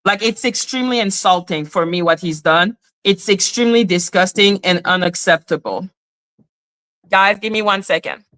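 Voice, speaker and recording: A woman hosts a live stream and vents in an indignant, profane rant, hammering the same points again and again. Her voice is bright and forceful, with a hard edge on the stressed words. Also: medium pitch, moderate pace. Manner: indignant, profane ranting with repeated phrases. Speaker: livestream host. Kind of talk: heated live commentary. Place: in Canada.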